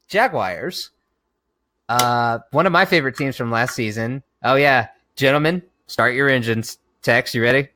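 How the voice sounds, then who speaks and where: A young man co-hosting a casual podcast chat, excitable and swearing casually. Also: mid-range voice, unhurried. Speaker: podcast co-host.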